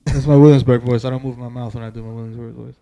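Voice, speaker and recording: A young man telling animated, profane stories on a podcast, wandering off on tangents. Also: mid-range voice, very fast. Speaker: podcast guest. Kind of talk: casual podcast chat.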